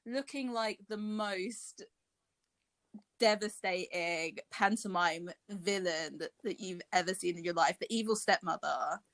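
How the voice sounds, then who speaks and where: A woman's voice: lowish voice, unhurried, fairly bright tone, no echo. A woman co-hosting a podcast in casual chat, gushing and theatrical, with gasps and cackles. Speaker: podcast co-host.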